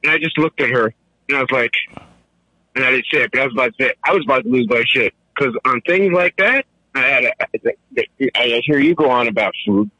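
A middle-aged man tells stories to a radio host in a casual, animated way. His voice is bright and forward, with a dry, close sound. He laughs often and jumps up into a high voice when quoting people. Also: fast, no echo, low-quality recording. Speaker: caller. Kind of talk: casual storytelling.

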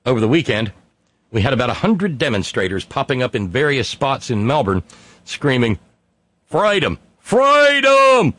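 A medium-pitched man with lively intonation talks fairly quickly as he hosts a casual podcast, reading out listener emails. The middle-aged West Virginian's monologue is sardonic and profane. The recording has no room sound.

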